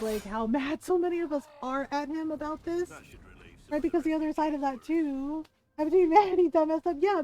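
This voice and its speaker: A woman streaming games, talking in a loose, exasperated rant with plenty of swearing and laughter. Her voice sits a little high but has a soft, mellow tone. She acts out the characters she quotes as she complains. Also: no echo, rough recording. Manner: exasperated ranting, swears freely, laughs often. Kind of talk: casual live-stream gaming commentary.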